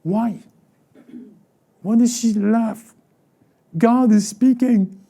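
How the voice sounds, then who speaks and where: Gravelly, very dark-voiced pastor preaching. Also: male voice, high voice, a little slow, pauses often. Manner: acts out short quoted voices, asks the congregation rhetorical questions; repeats words and restarts phrases. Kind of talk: sermon. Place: church sanctuary.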